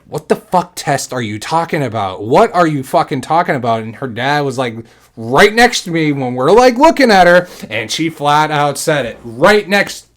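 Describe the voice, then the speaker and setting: A young man hosting a podcast, telling stories in a casual, profane, animated way that gets loud when he is excited. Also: a little high, moderate pace. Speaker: podcast host. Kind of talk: casual storytelling chat.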